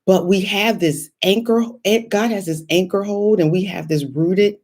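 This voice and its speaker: A woman in her thirties hosting a casual faith livestream, telling stories in an animated, encouraging way. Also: mid-range voice, unhurried. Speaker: host.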